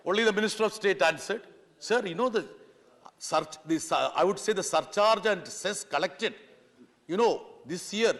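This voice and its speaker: A man's voice: sits high, animated, moderate pace, a bit bright. A middle-aged man giving an insistent parliamentary speech, repeatedly addressing the chair as "sir". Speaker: member of parliament. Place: parliament chamber. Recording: long hall reverb in a large chamber.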